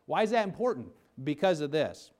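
A man preaching a sermon, rising into emphatic bursts and then dropping low, often restarting words as he builds a point. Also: big pitch swings, a little fast, a little mellow. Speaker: pastor.

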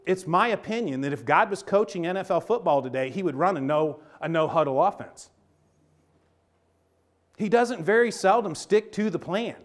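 A man preaching a sermon in a folksy, animated way, moving between loud emphatic bursts and quiet low asides. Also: normal speed. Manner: animated, folksy storytelling with sports analogies. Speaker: pastor.

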